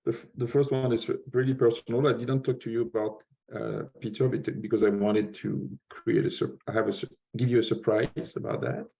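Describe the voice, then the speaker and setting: A man from France with a French accent, speaking English as a second language, halting and searching for words as a guest speaker. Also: medium pitch, flat delivery, vocal fry, warm tone. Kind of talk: conference talk. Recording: dull lo-fi sound.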